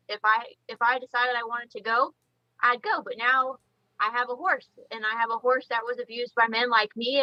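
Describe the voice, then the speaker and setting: A woman's voice: fairly high pitch, no room sound, muffled recording. A woman talking bluntly and with lots of swearing on a casual podcast, telling stories and acting out quotes. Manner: blunt, profane, animated storytelling with acted quotes. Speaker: podcast guest, reptile breeder.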